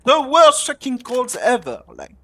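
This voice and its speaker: A male streamer talks over his live match, ranting about his teammates and swearing constantly. His pitch swings widely, from a low grumble up to outraged outbursts. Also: huge pitch swings, a little slow. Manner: angry ranting, heavy swearing; complains loudly about teammates. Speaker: streamer playing a competitive shooter. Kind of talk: live gameplay commentary.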